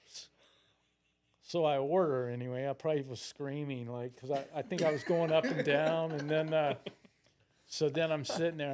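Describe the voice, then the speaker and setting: A man's voice: medium pitch, darkish tone, a little hiss or hum. A man in his sixties, a podcast guest telling rambling stories, swearing constantly and acting out what he once said. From Florida, United States. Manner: rambling, heavy swearing, acts out his own past lines. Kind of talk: casual storytelling.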